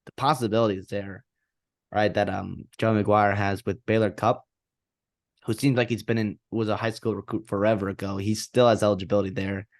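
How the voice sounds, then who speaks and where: A man with a fairly low voice co-hosts a sports podcast, rambling through his points with frequent restarts. The sound is dry and close, with little room around it. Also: fairly even intonation, a little fast, no room sound. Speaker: podcast co-host. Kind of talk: casual sports podcast chat.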